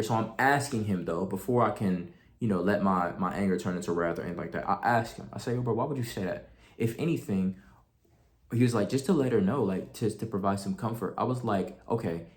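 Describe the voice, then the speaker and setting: A young man telling a story to camera in a casual, slangy way, acting out what people said. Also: on the low side. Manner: animated, slangy, acts out quotes. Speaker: vlogger.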